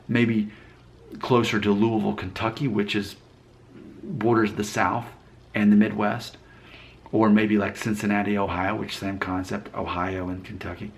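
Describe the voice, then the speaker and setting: A man from Alabama chats to camera in a loose, rambling way and pokes fun at himself. His voice is low and gravelly with plenty of fry. He thinks out loud as he goes. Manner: rambling, thinks aloud, self-deprecating. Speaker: vlogger. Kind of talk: casual talking-head commentary.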